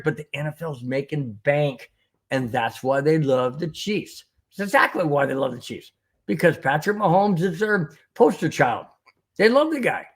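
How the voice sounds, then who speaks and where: Reading chat comments on his laid-back sports podcast, this man sarcastically tears into the referees. He speaks at a moderate pace with a fairly high, husky, animated voice.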